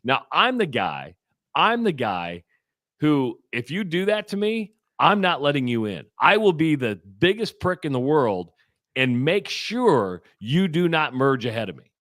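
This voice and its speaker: A man co-hosting a morning radio show, telling a story against himself in casual banter, with halting restarts. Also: a little high, sing-song, a bit bright, no echo, clean studio sound. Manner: self-mocking, halting restarts. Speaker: radio co-host.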